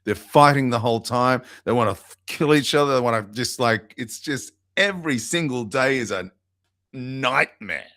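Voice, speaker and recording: A man's voice: medium pitch, moderate pace, fairly bright tone, no echo. A man, a podcast guest telling a heartfelt story, with restarts and fillers, into a close mic. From Australia.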